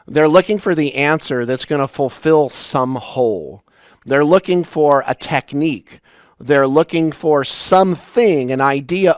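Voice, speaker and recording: A man in his forties, a spiritual teacher, giving a reflective talk with personal stories, halting and restarting as he goes. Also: medium pitch, no room sound, clean studio sound. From United States. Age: 40s. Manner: personal, storytelling with pauses and restarts.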